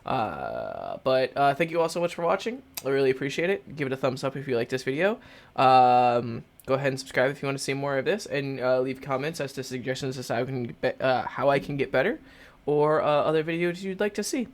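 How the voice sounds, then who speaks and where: A man's voice: medium pitch, animated, a little fast. Rambling amused young man gamer. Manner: rambling, amused, swears casually. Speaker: gaming youtuber. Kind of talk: game playthrough commentary.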